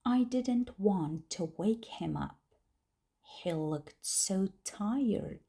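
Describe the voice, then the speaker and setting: A woman narrating a first-person story slowly and deliberately for English learners. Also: fairly low pitch, warm tone. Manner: slow, clear, deliberate reading.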